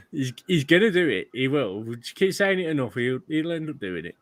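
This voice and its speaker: A man's voice: a little high, very animated, a little fast. A man in a casual chat, teasing the others and giggling.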